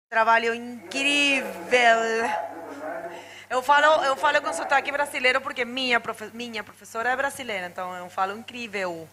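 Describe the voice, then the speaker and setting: Brief: high-pitched woman, chatty live sports commentator, crowd noise behind. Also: low-quality recording. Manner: chatty, greets viewers. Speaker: bodyboarding commentator.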